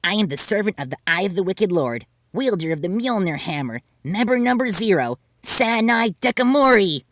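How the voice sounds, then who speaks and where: A man playing shrill melodramatic young girl, very high pitch, wild swings, dry storybook voice. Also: big pitch swings, moderate pace, few pauses, a bit bright, no room sound. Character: excitable girl, melodramatic dark servant.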